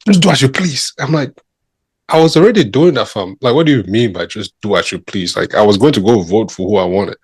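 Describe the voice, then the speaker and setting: A man's voice: fairly low pitch, animated, a little fast, a little mellow, breathy edge, dry recording. Man, podcast co-host, playful joking chat, dry close sound. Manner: joking, laughs often, playful. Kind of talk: casual chat.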